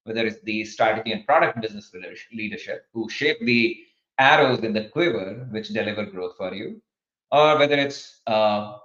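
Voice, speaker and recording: Man, low voice, presenter, echoey room, dull muffled audio. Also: fairly bright tone. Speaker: partner at a research firm. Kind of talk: webinar presentation.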